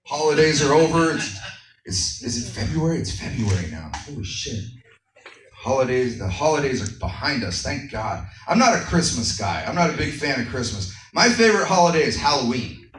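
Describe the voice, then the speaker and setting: A man with a Texan accent doing a stand-up comedy set, telling stories deadpan with sudden shouted bits. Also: medium pitch, normal speed. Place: comedy club stage. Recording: roomy club sound from far off, audience noise.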